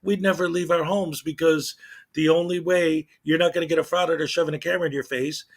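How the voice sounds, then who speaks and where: A man's voice: a little high, steady tone, fast. A man hosting a casual morning commentary stream, rambling and indignant, with many fillers and restarts. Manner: mocks others in quoted voices. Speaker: channel host.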